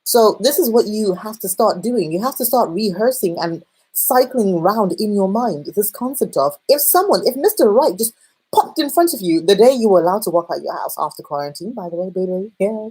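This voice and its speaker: A woman dating coach giving casual advice in a chatty, animated way, with playful asides to the viewer. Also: medium pitch, normal speed, breathy edge, low-quality recording. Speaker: dating and self-discovery coach.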